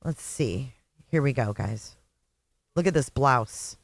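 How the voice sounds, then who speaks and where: Middle-aged stream host from Indiana, blunt and profane, mid pitch, dry close mic. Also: animated, slow pace, creaky, no echo. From Indiana, USA. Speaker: channel host. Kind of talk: live reaction commentary.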